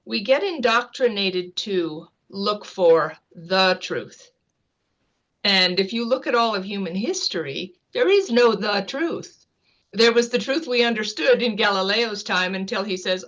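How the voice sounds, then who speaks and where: A woman from the United States, a scientist and author, talking fast and earnestly as an interview guest on a video call. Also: mid-range voice, a bit bright, highs cut off. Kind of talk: casual interview talk.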